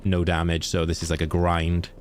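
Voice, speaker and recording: Low-voiced Welsh man chatting casually. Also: completely flat delivery, normal speed, a little hiss or hum. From Wales. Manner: chatty, joking, laughs easily. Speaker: game streamer. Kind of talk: casual chat with viewers while gaming.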